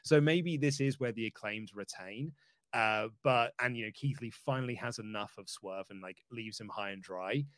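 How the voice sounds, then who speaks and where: A man's voice: on the low side, normal speed, a bit bright, dry recording. Rambling man on a dry-sounding podcast. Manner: thinks aloud, rambling with restarts and laughs. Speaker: podcast co-host. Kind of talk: casual wrestling podcast chat.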